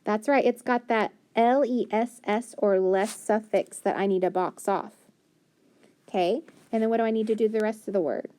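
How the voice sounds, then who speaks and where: Mellow-voiced woman teaching phonics. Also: medium pitch, steady tone. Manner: slow, clear letter-by-letter sounding out with praise. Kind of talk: phonics lesson.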